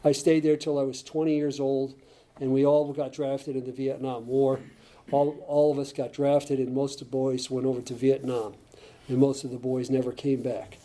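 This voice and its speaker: An older man from Connecticut telling his life story at a recovery meeting, rambling and halting with many restarts, chuckling at his own tales. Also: mid-range voice, level tone, warm tone. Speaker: AA speaker.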